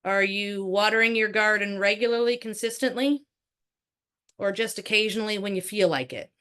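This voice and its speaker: A woman teaching a live workshop as a real estate trainer. She talks in a lively, conversational way full of rhetorical questions. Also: mid-range voice, moderate pace, smooth.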